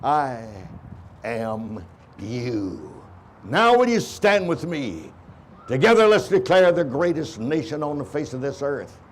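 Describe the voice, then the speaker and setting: An older man leading a memorial ceremony, reciting a patriotic tribute in a solemn, measured way. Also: mid-range voice, very animated, a little hiss or hum. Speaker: ceremony emcee.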